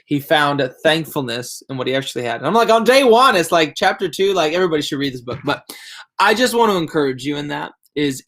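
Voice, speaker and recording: A young adult male pastor giving a casual devotional talk, telling a story with lively, rambling restarts. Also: mid-range voice.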